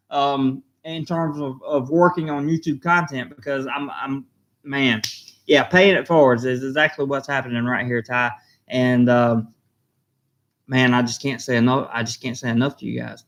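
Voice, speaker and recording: A man hosting a live stream, reading viewer comments aloud, emotional and halting, repeating himself and choked up. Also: fairly high pitch, fairly bright tone.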